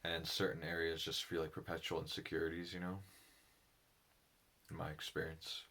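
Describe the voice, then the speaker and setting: Deep-voiced man musing alone, halting and thoughtful, slow reflective delivery. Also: completely flat delivery, sharp tone. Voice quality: low voice. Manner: halting, thoughtful, with pauses and restarts. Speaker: solo speaker on personality psychology.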